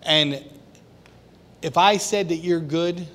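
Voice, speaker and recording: A man preaches an informal sermon to a small group, conversational and laughing as he acts out quoted voices. His voice is a little high with a fairly bright tone, and he speaks slowly. A long hall reverb colors the recording.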